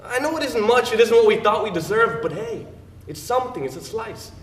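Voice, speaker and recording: A gentle, playful husband's spirit visiting in a dream, coaxing and wistful. His voice sits fairly high for a man. It rings out roomy and distant from a far stage mic. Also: lively intonation, fairly quick, slight background noise. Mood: soothing. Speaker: stage actor. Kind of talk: live stage drama. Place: theater stage.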